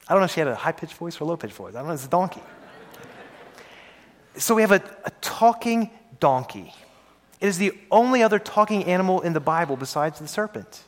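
A man with a fairly high voice preaches a sermon. He tells the story with animated energy and playful asides. His pacing stretches and rushes for effect. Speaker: pastor. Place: church service.

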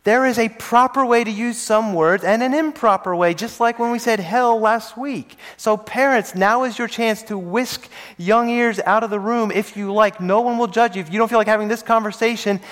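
A man with a fairly high voice preaches a sermon. He tells the story with animated energy and playful asides. His pacing stretches and rushes for effect. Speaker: pastor. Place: church service.

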